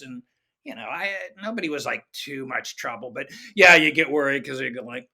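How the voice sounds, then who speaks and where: A middle-aged man telling showbiz stories in a relaxed chat, acting out the voices of the people he quotes with animated shifts. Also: medium pitch, fast. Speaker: guest comedy writer. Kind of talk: conversational storytelling.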